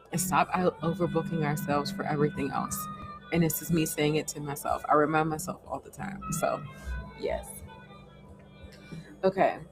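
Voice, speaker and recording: Earnest woman host coaching viewers. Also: low-pitched. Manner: earnest, animated, coaching, self-reflective. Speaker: host answering viewer comments. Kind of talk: casual livestream chat.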